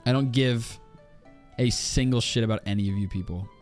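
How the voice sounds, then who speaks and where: A man's voice: medium pitch, moderate pace, darkish tone, soft background music. A man with a strained throat, chatting casually and ranting with exasperation to his live-stream audience while he plays, swearing freely.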